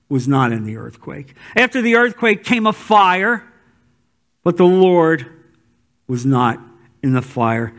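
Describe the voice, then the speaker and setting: Pastor guy preaching, high voice, loud urgent bits then hushed low ones. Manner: dynamic preaching, swinging between loud emphatic calls and quiet low asides. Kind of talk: sermon.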